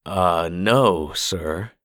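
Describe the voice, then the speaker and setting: A man's voice: sits low, drawn-out words, a bit bright, no room sound, clean studio sound, full character voice. A man voicing a cautious, nervous young husband who speaks hesitantly. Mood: uneasy. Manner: tense, hesitant.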